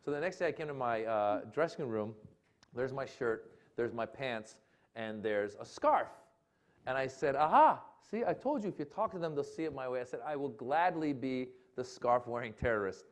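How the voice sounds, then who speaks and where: A man tells a comic story to a live audience at a mid-level pitch. He acts out the voices of the people in his tale. He breaks into laughter often. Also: expressive, moderate pace. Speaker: comedian guest. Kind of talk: storytelling on stage.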